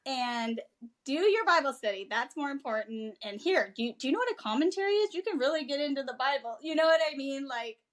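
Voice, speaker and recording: A woman co-hosting a podcast, speaking outspokenly and mocking herself with quick asides. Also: high-pitched, lively intonation. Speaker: podcast co-host. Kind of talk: candid casual conversation.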